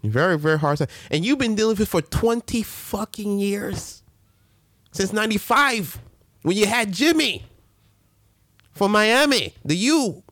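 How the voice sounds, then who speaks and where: A man hosting a casual sports rant, animated and full of slang and restarts. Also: sits high, measured pace, no room sound, clean studio sound. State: a little winded. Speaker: sports show host.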